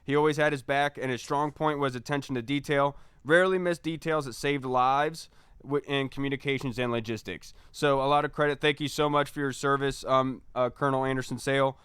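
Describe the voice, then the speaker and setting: A man's voice: mid-range voice, steady tone, brisk, a bit bright, smooth, no room sound, clean studio sound. A man hosting a casual sports podcast, chatty and rambling as he wraps up. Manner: chatty, rambling sign-offs. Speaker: podcast host.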